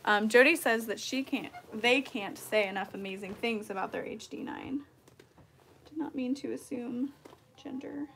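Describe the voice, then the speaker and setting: Young woman, casual livestream chat, bag maker, higher voice, faint background noise. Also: moderate pace, vocal fry, a bit bright. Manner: chatty, reads viewer comments aloud.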